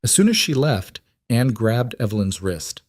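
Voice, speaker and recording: A man reading a Western story aloud, in a calm and measured narration. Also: medium pitch, dry recording, studio quality.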